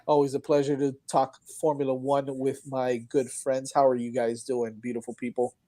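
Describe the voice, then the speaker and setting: A man's voice: mid-range voice, flat delivery, normal speed, mellow, no room sound. A man hosting a casual sports podcast, talking in an upbeat, rambling way with many restarts. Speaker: podcast host. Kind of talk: casual chat.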